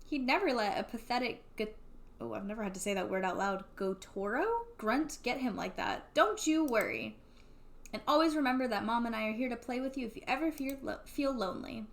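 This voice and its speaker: A woman's voice: on the high side, brisk, natural voice. A woman reading the lines of an easygoing young man, a village big brother, from a video game. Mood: gentle. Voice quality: light, reading game dialogue aloud. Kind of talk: reading game dialogue aloud.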